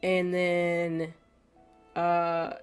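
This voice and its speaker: A woman's voice: lowish voice, completely flat delivery, extremely slow, clear, resonant tone. A woman streaming gameplay, chatting casually, laughing often and reading chat aloud. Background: faint background music.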